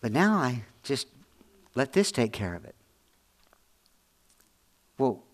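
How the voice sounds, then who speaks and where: A middle-aged man preaching a sermon as pastor, folksy and earnest, repeating his points and dropping low and quiet to press them home. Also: big pitch swings, slow pace, long pauses.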